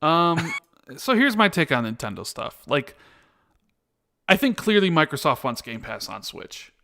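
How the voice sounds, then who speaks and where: A man's voice: fairly high pitch, big pitch swings, a little slow, gravelly, sharp tone. A man hosting a casual podcast, easygoing as he reads out and answers viewer comments from the live chat.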